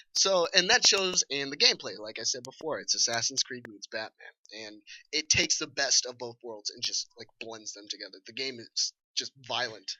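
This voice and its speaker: A man casually reviewing a video game with a co-host, animated, laughing and swearing as he talks. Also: mid-range voice, a little hiss or hum, poor audio. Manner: animated, swearing, laughing, acts out enemy shouts.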